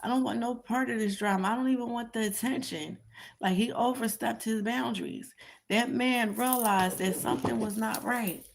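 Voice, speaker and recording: A woman's voice: fairly high pitch, normal speed, creaky, a little hiss or hum. A woman giving a casual tarot reading commentary, talking in an emphatic, repetitive way and chuckling at her own remarks. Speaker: tarot reader.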